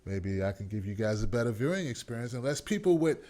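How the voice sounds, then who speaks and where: A man in his forties hosting a comedic talk show, talking in an animated, profane way and acting out voices. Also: medium pitch, fast, a little hiss or hum. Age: 40s. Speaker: host.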